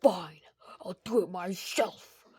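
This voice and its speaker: A woman's voice: on the low side, takes it slowly, a little mellow, slightly rough, exaggerated voice. A woman voicing a grumpy, scheming male bear animatronic who growls and says "me" for "my", in a homemade game-video story.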